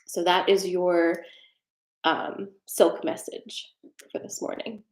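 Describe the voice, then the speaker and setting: A woman's voice: lowish voice, level tone, takes it slowly, echoey room. A woman hosting a live-stream tarot card reading, chatty and rambling with fillers, a little out of breath. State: slightly out of breath. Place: home desk with a treadmill.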